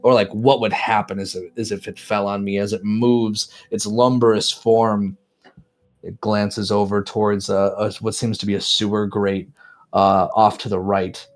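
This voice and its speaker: A man narrating a tabletop game as game master, describing scenes in a halting way with many restarts. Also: fairly low pitch, flat delivery, soft background music.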